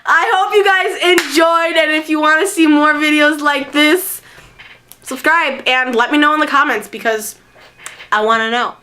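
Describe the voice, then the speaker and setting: A woman vlogger telling a storytime tale in excitable, giggly chatter. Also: sits high, moderate pace. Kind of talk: storytime vlog.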